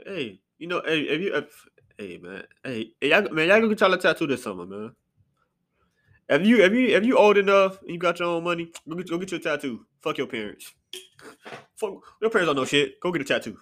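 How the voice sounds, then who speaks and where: A man's voice: fairly high pitch, big pitch swings, a little fast, a bit bright. A young man hosting a solo podcast, rambling and profane, often mocking himself. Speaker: podcast host. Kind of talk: casual solo podcast rant.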